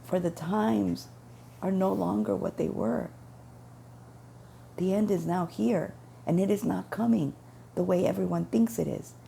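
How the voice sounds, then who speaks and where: A woman's voice: fairly low pitch, measured pace, gravelly, long pauses, warm tone, a little hiss or hum. A woman telling a personal religious testimony in an earnest, repetitive storytelling way, quoting her prayers. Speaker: testimony speaker.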